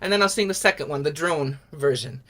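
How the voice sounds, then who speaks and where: Bright-voiced woman leading a singing lesson. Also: deep voice, a little fast. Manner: patient, encouraging, explains step by step. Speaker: song leader. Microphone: video call.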